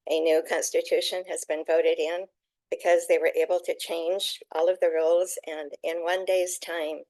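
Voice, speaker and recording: Gravelly low-voiced woman reading earnestly. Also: a little mellow, no echo, low-quality recording. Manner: earnest, emotional, halting with restarts. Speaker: author speaking at a meeting. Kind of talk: reading aloud from her book.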